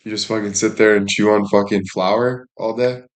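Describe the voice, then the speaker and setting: Young man with a low voice, joking crudely. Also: steady tone, moderate pace. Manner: crude joking, swears freely. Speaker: livestreamer. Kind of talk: casual live-stream chat.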